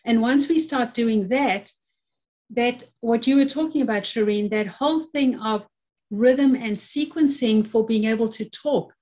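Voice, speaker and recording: A woman in her fifties with a somewhat high voice speaks as an experienced occupational therapist in an online conversation. She is earnest and emphatic, leaning on repeated phrases to press her points. The sound is a plain computer microphone on a video call. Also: a little slow, warm tone. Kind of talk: conversational webinar interview.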